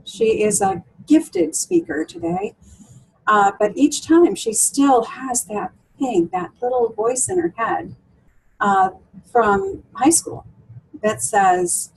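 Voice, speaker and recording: A woman's voice: very high voice, big pitch swings, slow pace, vocal fry, a little mellow, low-quality recording. A woman coach for women, talking through client stories in an interview with many fillers and restarts. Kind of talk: interview conversation.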